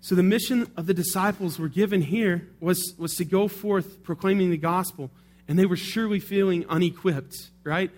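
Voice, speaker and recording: A man's voice: high-pitched, normal speed, hardly any pauses, darkish tone. A male pastor preaching a sermon in a conversational way, often checking in with tag questions.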